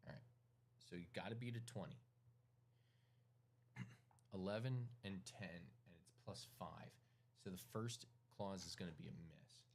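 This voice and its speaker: A man narrating as game master, calling dice rolls in a casual, halting way with many fillers. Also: sits low, breathy edge.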